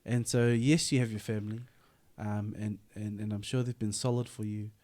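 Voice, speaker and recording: A man's voice: lowish voice, fairly even intonation, moderate pace, mellow. Reflective New male podcast host. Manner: reflective, restarts often, many "um". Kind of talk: casual interview talk.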